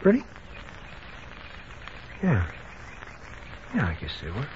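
An actor playing a smooth-talking young male swindler with a breezy, slangy, evasive way of talking, in old-time radio acting on a dull old broadcast recording. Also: mid-range voice, huge pitch swings, slow, a little hiss or hum. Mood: wary charm. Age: young adult.

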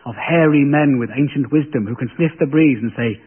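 A man's voice: mid-range voice, brisk, slightly rough. An English man hosting a comedy panel show, delivering a satirical monologue in a dry, sardonic way. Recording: lo-fi phone-like radio broadcast.

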